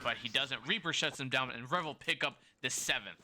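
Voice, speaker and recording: With a mid-range voice and background noise behind him, a man casts a competitive shooter match solo, calling rapid play-by-play. His throat is sore, he corrects himself as he goes, and he banters with the live chat between rounds.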